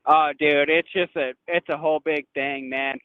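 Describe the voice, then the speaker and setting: A man's voice: on the high side, fairly even intonation, moderate pace, smooth, dry recording. A man calling in to a podcast on the phone, rambling defensively and trailing off. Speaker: caller. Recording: tinny phone line.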